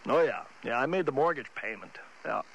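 A man's voice: medium pitch, lively intonation, fairly quick, creaky, a bit bright, highs cut off, slight background noise, voice pushed down. A man voicing an unhinged, boastful male movie star who rambles, stammers and keeps restarting his sentences. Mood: rambling boast. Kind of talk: comedy sketch impression.

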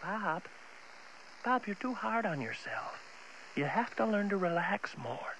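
A man voicing a calm female talk-show interviewer who asks gentle, measured questions. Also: high voice, slight background noise, exaggerated voice, poor audio. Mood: soothing.

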